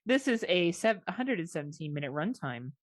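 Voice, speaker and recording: A woman with a fairly low voice co-hosts a podcast, making dry, joking asides as she talks through horror films. Her voice sounds close and dry. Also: very animated, moderate pace, no room sound. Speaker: podcast co-host. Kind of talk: casual podcast chat.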